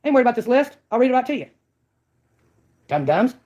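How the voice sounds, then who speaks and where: A woman's voice: fairly high pitch, big pitch swings, fast talker, dark tone, lo-fi sound. A woman from Mississippi, ranting on her own channel in a combative, mocking way. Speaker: channel owner. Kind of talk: ranting call-out vlog.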